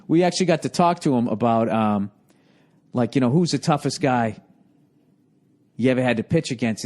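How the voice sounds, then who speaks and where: A man's voice: mid-range voice, a little mellow. A middle-aged man hosting a podcast, rambling profanely in casual chat and slipping into goofy voices to mimic people. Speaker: podcast host.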